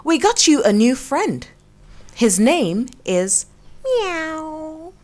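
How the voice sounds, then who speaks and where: A woman voicing a kindly farmer's wife in a children's storybook reading, bright and sing-song. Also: high-pitched, big pitch swings, very slow, pitched above the performer's own voice, exaggerated voice. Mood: delighted.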